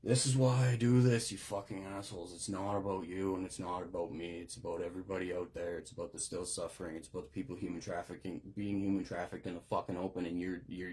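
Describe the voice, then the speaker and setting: Male recovery host, low and husky, raw swearing monologue, fighting back tears. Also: darkish tone. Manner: profane, raw, rambling with restarts. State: emotional, on the verge of tears. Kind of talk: unscripted monologue.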